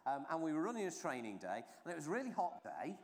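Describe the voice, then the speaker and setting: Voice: medium pitch, huge pitch swings, quick pace. A preacher giving an informal, chatty baptism sermon, telling the story with many asides and fillers. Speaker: clergy trainer preaching at a baptism. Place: church during a baptism service. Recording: long church reverb.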